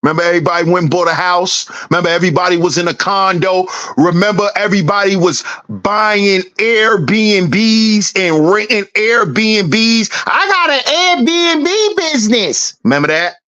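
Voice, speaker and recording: A woman's voice: a bit bright, muffled recording. A woman hosting her own channel, mocking her listeners in a rhetorical rant and repeating her questions in a teasing, sing-song way. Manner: swings in pitch, drawn-out words. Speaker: channel host.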